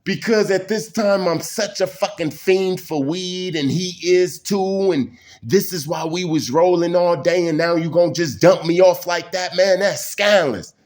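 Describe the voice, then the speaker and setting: A man's voice: fairly high pitch, measured pace. A man, telling personal stories in a rambling, intense way and saying "man" again and again. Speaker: storyteller. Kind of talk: casual personal storytelling.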